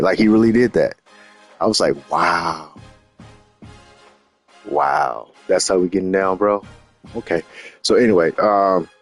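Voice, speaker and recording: A man casually recapping his video game season, animated and profane, often repeating himself. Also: on the low side. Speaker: gaming channel host.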